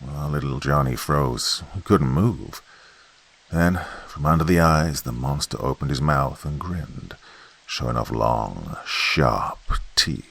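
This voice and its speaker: Gravelly deep-voiced horror storyteller. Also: male voice, slow pace. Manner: folksy campfire telling, swings between loud and hushed. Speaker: horror podcast narrator.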